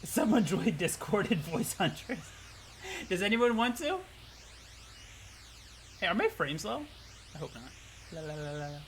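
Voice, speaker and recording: A man streaming a game playthrough to chat, swearing often and reacting loudly, at a desk mic at home. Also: sits high, sing-song, measured pace, pauses often, soft background music. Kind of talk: casual livestream playthrough.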